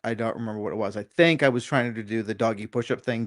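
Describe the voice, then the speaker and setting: A man's voice: lowish voice, fast, no echo, clean studio sound. A middle-aged man, a dog trainer and guest, telling a story in a candid, self-critical way and swearing casually.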